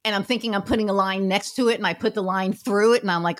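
A woman's voice: medium pitch, fairly even intonation, fast. A woman who runs a marketing business, chatting casually and candidly, swearing freely and acting out what people said. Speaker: podcast guest, marketing business owner. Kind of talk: casual chat.

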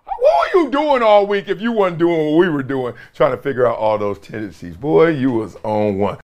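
A man hosting a show, telling football stories in a casual, animated way, laughing often and acting out other people's lines in a raised voice. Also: a little high, moderate pace, dull audio. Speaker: former NFL player and podcast host. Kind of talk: casual storytelling chat.

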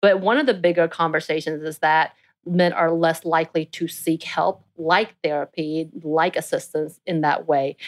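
A woman in her late thirties in casual podcast discussion, animated and thinking aloud with fillers. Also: sits low. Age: 30s.

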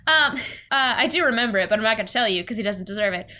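A woman's voice: on the high side, expressive, quick pace, pushed and bright. A woman co-hosting a casual podcast, retelling a novel's plot and acting out the characters' lines with plenty of laughter. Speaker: podcast co-host. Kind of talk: casual book chat.

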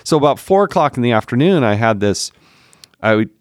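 Animated middle-aged man telling stories. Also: medium pitch, fairly quick, no echo, clean studio sound. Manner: animated, laughs often, acts out quotes. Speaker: podcast guest, former congressman. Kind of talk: casual storytelling chat.

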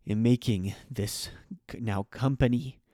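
Speaking a little slowly in a mellow, medium-pitched voice, a man hosting a podcast offers emotional, heartfelt thanks full of hesitations and ums. The recording is studio quality with no room sound.

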